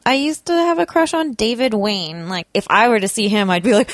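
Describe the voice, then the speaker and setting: A woman's voice: on the high side, a little fast, hardly any pauses, no echo, clean studio sound. A woman chatting on a podcast, wry and jokey, laughing between lines. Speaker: podcast co-host. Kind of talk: casual chat.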